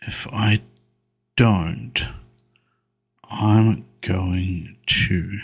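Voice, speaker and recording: A man's voice: low-pitched, slow pace, vocal fry, pauses often, a bit bright, slightly rough, soft background music. A man giving solo gameplay commentary, muttering to himself and talking to the game as he plays. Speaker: gaming video creator.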